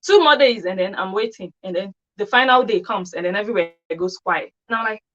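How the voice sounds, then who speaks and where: A woman's voice: mid-range voice, fast talker, a bit bright, lo-fi sound. A woman giving an opinionated commentary monologue on her channel, scornful and full of rhetorical questions. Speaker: commentary vlogger.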